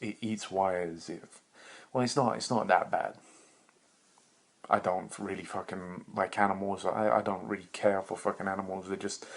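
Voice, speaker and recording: A young man hosting a solo podcast, rambling in a meandering, profane, self-mocking way with bursts of laughter. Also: fairly low pitch. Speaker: podcast host.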